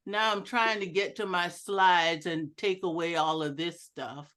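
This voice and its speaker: A woman giving an instructional talk over a video call, deliberate and emphatic, joking about her own lack of technical skill. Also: steady tone. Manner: deliberate, varies pitch and loudness for emphasis. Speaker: educational speaker at a club meeting. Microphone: video call computer mic.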